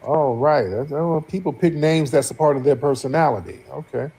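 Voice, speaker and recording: A man's voice: on the high side, moderate pace, warm tone, slightly rough. A man hosting a live call-in stream, blunt and teasing as he questions callers. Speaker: livestream host taking callers. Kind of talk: casual call-in talk.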